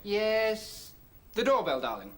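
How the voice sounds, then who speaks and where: A comedy performer playing a henpecked sitcom husband who grumbles deadpan and barks a catchphrase. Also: medium pitch, slow pace. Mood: grumbling. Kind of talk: sketch comedy parody acting.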